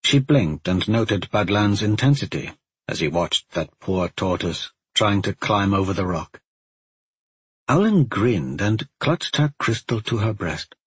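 A man reads a fantasy story aloud in a calm, steady way, his rather low voice heavily husky and breathy. The recording is close and dry, with no room sound at all. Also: no room sound. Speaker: narrator. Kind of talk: audiobook narration.

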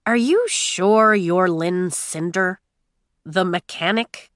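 A woman's voice: on the low side, slow, a bit bright, no room sound, studio quality. A woman reading as a polite young prince. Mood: doubtful.

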